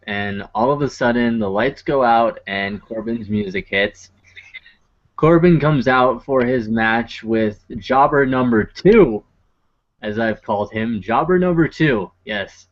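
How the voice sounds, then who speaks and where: A man co-hosting a podcast, recapping a show in casual, rambling chat full of fillers and wry asides. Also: medium pitch. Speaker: podcast co-host. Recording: dull lo-fi podcast audio.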